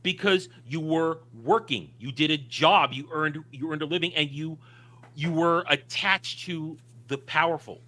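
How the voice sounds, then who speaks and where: A man's voice: a little high, measured pace, bright, forceful tone. A man co-hosting a casual film discussion, talking emphatically and opinionatedly with frequent restarts. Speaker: podcast co-host.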